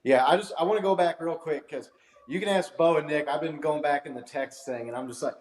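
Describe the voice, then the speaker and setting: A man hosting a fan talk show, eager and rambling as he winds up his questions. His voice sits fairly high and echoes around the room. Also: a little fast. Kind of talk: casual interview.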